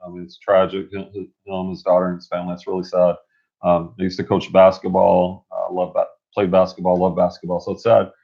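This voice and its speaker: A man's voice: low voice, completely flat delivery, fairly quick, vocal fry, husky. A man co-hosting a casual livestream about reselling, upbeat and reading viewer comments aloud. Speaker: reseller co-host. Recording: dull lo-fi livestream audio.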